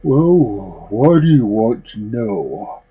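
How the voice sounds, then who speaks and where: A man voicing a huge, gruff, suspicious male ogre in a storybook reading. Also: on the low side, sing-song, extremely slow, lo-fi sound, heavily acted.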